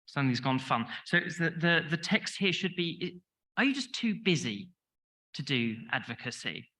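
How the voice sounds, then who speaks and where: A man's voice: fairly high pitch, very animated, moderate pace, sharp tone, low-quality recording. A man with a London accent gives a chatty, self-deprecating conference talk, short on sleep and full of restarts. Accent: London English. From England. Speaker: conference speaker. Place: conference hall.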